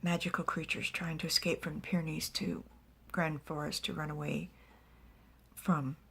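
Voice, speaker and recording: A woman narrating a fantasy story in soft, whispered ASMR storytelling with small asides. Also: deep voice, level tone, normal speed, gravelly, breathy edge.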